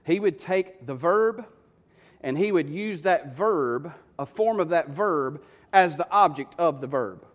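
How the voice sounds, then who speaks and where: High-voiced man preaching in a hall. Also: unhurried. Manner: animated storytelling, conversational asides to congregation. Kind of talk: sermon. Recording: long hall reverb.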